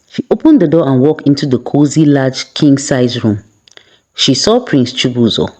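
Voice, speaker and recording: A woman's voice: rumbling low, dark tone, poor audio. Woman steadily narrating a folktale. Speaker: storyteller.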